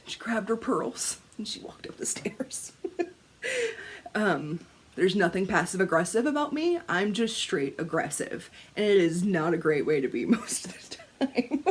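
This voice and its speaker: A woman with a slightly rough, lowish voice chats casually to camera as a crafting vlogger. She tells animated stories, laughing, swearing and acting out quotes.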